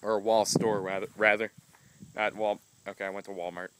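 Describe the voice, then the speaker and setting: A man's voice: fairly low pitch, little pitch movement, brisk, noisy background. A young man rambling through a casual vlog, self-mocking and laughing as he talks, just woken up. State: just woke up. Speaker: vlogger.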